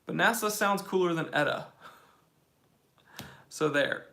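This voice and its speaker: Speaking straight into his phone, a young man runs a casual live Q&A for his watch channel, answering chat questions one after another. His slightly high voice has a gravelly edge and a bright, forward tone, with fairly even intonation, normal speed, and long pauses. He's blunt and opinionated and drops in casual slang.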